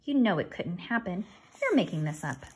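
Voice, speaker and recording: A woman's voice: on the low side, sing-song, moderate pace, breathy edge. A woman voicing a stern, worried farm mother scolding her daughter in a storybook reading. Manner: firm, scolding.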